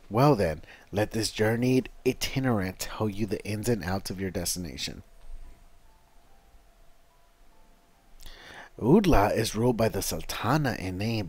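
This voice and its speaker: A man voicing a chatty, folksy male traveling merchant with rough, rambling speech while reading game dialogue aloud. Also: fairly low pitch, natural voice.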